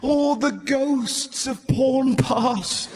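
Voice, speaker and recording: A man performing a live stand-up set, animated and acting out voices as he shouts his punchlines. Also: extremely high pitch, extremely slow, loud music behind the voice. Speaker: stand-up comedian. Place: large live venue stage. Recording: roomy live venue with loud ambience.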